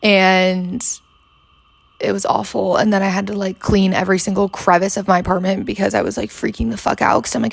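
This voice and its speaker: Gravelly-voiced young woman rambling. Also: mid-range voice, normal speed, no room sound. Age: 20s. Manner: rambling, lots of fillers and swearing. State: hungover. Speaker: podcast host. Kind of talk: casual chat. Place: her bedroom.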